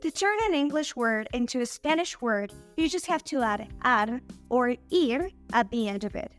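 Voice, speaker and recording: A woman hosting an online Spanish lesson, saying example words slowly and clearly for learners. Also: a little high, expressive, faint music behind. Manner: clear, slow model pronunciation of words. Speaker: Spanish teacher and channel host.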